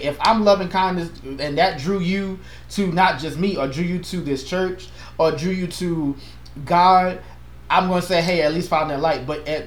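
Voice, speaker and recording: Male pastor, fairly high voice, earnest and passionate, echoey room. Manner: earnest, passionate, animated with playful asides. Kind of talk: casual chat.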